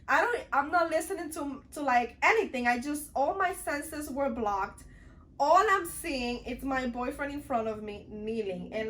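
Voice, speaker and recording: A young woman from the Dominican Republic talks to her camera in a loose, rambling storytime, stacking "like" and restarting her sentences. Her voice sits high and sounds bright and sharp. A faint hiss runs under the recording. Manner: chatty, lots of "like" and restarts. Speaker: vlogger. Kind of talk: casual storytime chat.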